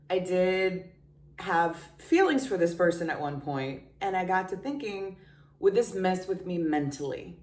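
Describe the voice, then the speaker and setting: Candid chatty woman, slightly low voice. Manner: candid, chatty, self-mocking. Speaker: vlogger. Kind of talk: casual confessional storytelling. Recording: roomy sound, distant from mic.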